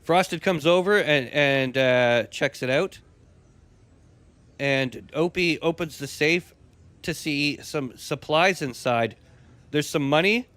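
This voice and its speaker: A man's voice: a little high, slow pace, fairly bright tone, no echo. A man narrating a role-play game as game master, telling the action casually and graphically.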